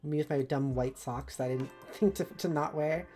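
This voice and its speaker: A woman's voice: sits low, normal speed, warm tone, faint music behind. A woman streamer chatting casually on a live stream, rambling from one thought to the next. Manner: rambling, jumps between thoughts.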